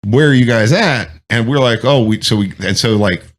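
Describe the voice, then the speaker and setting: A man's voice: mid-range voice, moderate pace. A man, a military veteran, telling rambling, profane anecdotes in casual chat. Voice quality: swears freely, rambling anecdotes.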